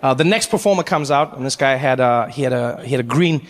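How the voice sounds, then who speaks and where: A man performing stand-up comedy, telling a story with animated delivery. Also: mid-range voice, fast, long reverb tail. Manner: animated storytelling, jumping into voices.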